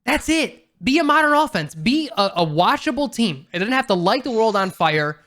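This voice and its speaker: A man's voice: high-pitched, big pitch swings, normal speed, a bit bright. Blunt, emphatic man on a sports podcast. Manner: emphatic, blunt, swears casually. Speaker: podcast co-host. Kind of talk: casual sports podcast chat.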